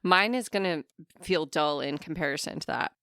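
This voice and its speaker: A woman in her thirties co-hosts a podcast, chatting casually and joking with lots of laughter into a podcast mic. Her voice sits low, bright and forceful, at a moderate pace, with a clean tone and no room sound in studio quality.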